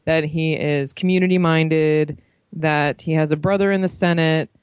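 A woman's voice: low voice, steady tone, normal speed, a little mellow, smooth, no echo. A young woman co-hosting a podcast, chatting casually about a film, with lots of fillers and frequent laughs. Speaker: podcast co-host, film reviewer.

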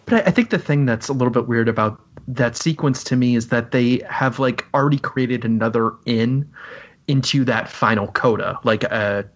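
Husky guy hosting a movie podcast, hesitant and polite, lo-fi sound. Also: mid-range voice, moderate pace. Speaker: podcast host. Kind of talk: casual film discussion. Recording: dull, slightly lo-fi sound.

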